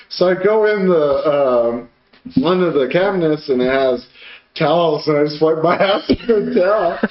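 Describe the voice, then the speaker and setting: A man's voice: a little high, lively intonation, moderate pace. A man co-hosting a podcast, telling a crude story in casual chat, swearing a lot and laughing as he goes. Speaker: podcast co-host. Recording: echoey room, dull lo-fi sound, faint noise.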